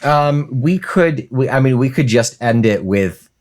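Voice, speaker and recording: A man's voice: medium pitch, expressive, measured pace, darkish tone. A man co-hosting a podcast, chatting casually and joking with frequent laughs. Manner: giggly, joking banter. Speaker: podcast co-host. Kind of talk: casual chat.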